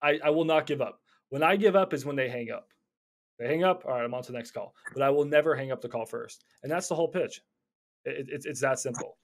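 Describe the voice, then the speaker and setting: A man teaching cold calling in a casual, energetic way, often stumbling over and repeating words. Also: medium pitch, quick pace. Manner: energetic, stumbling repeats, slips into acted phone calls. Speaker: real estate investor teaching cold calling. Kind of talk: casual instructional talk.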